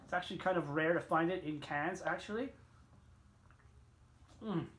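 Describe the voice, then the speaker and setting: Speaking at a moderate pace over slight background noise, a middle-aged man tells a meandering story on his vlog. He curses freely and wanders between asides, his voice often spiking sharply in pitch and loudness and then sinking back to a grumble.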